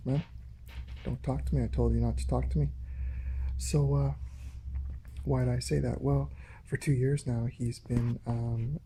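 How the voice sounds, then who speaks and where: Hesitant man with a dark voice. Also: mid-range voice, slight background noise. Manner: hesitant, full of pauses and restarts. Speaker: vlogger. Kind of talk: rambling phone monologue. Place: home in a shared residential building. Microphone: phone.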